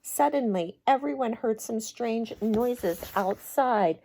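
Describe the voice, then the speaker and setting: Slow, gentle woman reading a storybook. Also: medium pitch, vocal fry, a little hiss or hum. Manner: slow, gentle and expressive, chatting with young listeners. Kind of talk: reading a picture book aloud to children.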